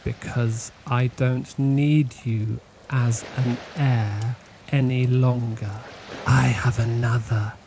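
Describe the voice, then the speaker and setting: A mad old cultist mother, as a man puts her on in a tabletop horror game. She speaks slowly and coldly, in a gravelly voice. A steady hiss runs behind the recording. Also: medium pitch. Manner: slow, cold, mocking.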